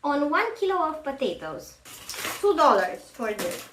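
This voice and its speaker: A woman's voice: high-pitched, sing-song, a little slow, a bit bright. A woman vlogging as she cooks at home, chatty and self-deprecating, thinking aloud as she works. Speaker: cooking vlogger. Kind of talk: casual cooking chat. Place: home kitchen. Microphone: camera at a distance, face out of frame. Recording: roomy kitchen, mic far off, faint noise.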